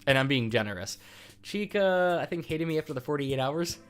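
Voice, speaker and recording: A man's voice: fairly high pitch, expressive, brisk, soft background music. A man hosting a live stream, chatting casually with viewers in a rambling, teasing way and laughing often.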